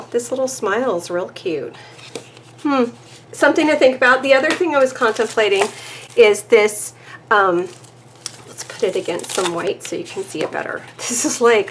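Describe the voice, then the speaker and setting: A woman's voice: a little high, slight background noise. A chatty, self-deprecating woman giving a casual papercraft tutorial, laughing often and a little out of breath. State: a bit out of breath. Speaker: papercraft demonstrator.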